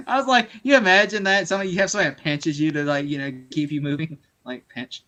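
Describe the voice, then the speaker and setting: Man, host, high voice, bright tone, animated storyteller, casual movie chat. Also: quick pace. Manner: animated storyteller, mimics people with laughs. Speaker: interview host.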